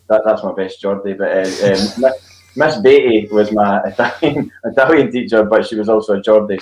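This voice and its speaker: A man co-hosting a casual football podcast, jokey and quick to laugh. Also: fairly low pitch, darkish tone, echoey room, poor audio. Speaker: podcast co-host.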